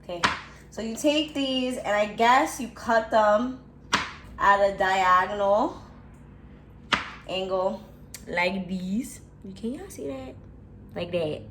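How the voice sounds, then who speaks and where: A young woman talks to her viewers in a mid-range voice while cooking at home for a casual vlog. She takes it slowly, leaving long pauses between her dramatic complaints and swearing. The kitchen is echoey, with faint noise in the background.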